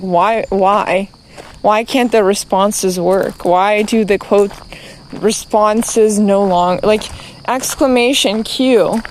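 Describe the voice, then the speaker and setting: Slow, exasperated, swearing woman streamer. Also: mid-range voice, a little mellow, slight background noise. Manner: exasperated, profane, rambling with many restarts. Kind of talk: ranting to camera.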